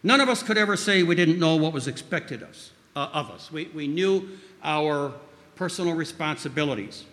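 Bright-voiced man preaching in a reverberant hall. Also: on the high side, animated, normal speed. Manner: rambling with frequent restarts and fillers; acts out quoted voices loudly. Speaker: speaker at a church gathering. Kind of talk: informal sermon with storytelling.

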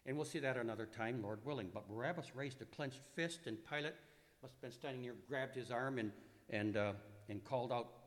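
A man's voice: medium pitch, a little fast, long reverb tail. A man preaching a sermon as a pastor, telling the story with emphatic, dramatic delivery.

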